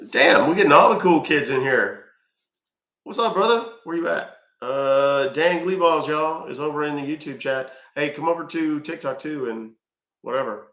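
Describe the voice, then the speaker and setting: A middle-aged man with a congested voice hosts a live scambaiting stream, chatting folksily with his viewers. His voice is fairly high-pitched and fairly bright, and the recording has a roomy echo.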